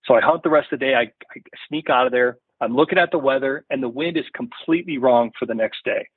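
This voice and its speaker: A man's voice: mid-range voice, fast, husky, no echo. A man telling a story as a podcast guest, rambling and checking in with "you know" and "right?" all the time. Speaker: podcast guest from a hunting gear company. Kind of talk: casual storytelling in an interview. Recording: tinny phone-line sound.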